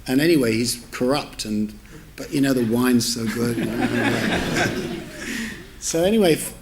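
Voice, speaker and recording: A man's voice: mid-range voice, lively intonation, slow, heavy background noise. A middle-aged man telling an amused, rambling anecdote at a public lecture, correcting himself and adding asides. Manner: chatty, self-interrupting, amused asides. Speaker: newspaper editor giving a public lecture. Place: lecture theatre with audience.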